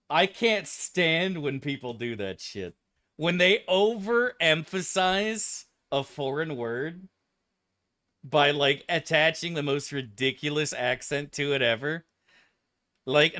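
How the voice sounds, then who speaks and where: A man streams a game and talks straight to his chat, swearing freely and joking as he plays. His voice is bright and animated, with pitch moving all over. The sound is close and dry. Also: takes it slowly, dry recording. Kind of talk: casual gameplay commentary.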